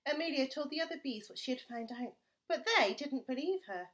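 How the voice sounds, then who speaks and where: A woman teacher reading a children's storybook aloud to her class, with expressive, playful storytelling. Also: sits high, fairly quick.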